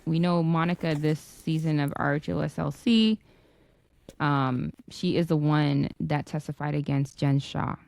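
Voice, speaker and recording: A woman with a deep, gravelly, mellow voice co-hosts a casual reality TV podcast. She listens closely and chimes in with steady mm-hmms before she gives her own take. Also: unhurried, no echo. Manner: affirming listener, lots of mm-hmms. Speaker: podcast co-host. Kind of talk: casual chat about reality TV.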